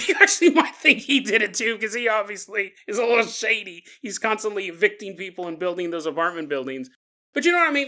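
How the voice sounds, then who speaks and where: Guy hosting a storytelling podcast, bright voice, keeps cracking up mid sentence. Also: sits high, big pitch swings, a little fast. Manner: joking, laughs through his sentences. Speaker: podcast host.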